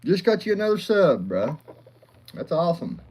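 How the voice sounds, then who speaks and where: A man's voice: fairly high pitch, very animated, moderate pace, a little mellow, husky. A man hosting a rambling, profane live chat, often laughing and calling out viewers by name. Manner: crude, profane, rowdy, laughs a lot. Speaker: livestream host.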